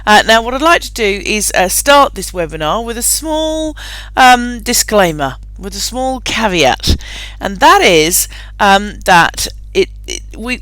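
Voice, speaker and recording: A woman runs a live webinar in a chatty, upbeat voice, laughing often and filling gaps with ums. Her tone is bright and crisp, and the recording is dry and close. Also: fairly high pitch, dry recording. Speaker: webinar host. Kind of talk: live online webinar presentation.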